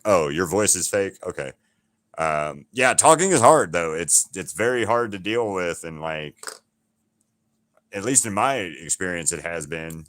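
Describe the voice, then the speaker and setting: Very deep-voiced middle-aged man rambling. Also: lively intonation, a little slow, fairly bright tone. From Alabama, USA. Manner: rambling, swears freely, talks straight to chat. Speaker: painter talking to viewers on a livestream. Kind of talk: casual livestream chat.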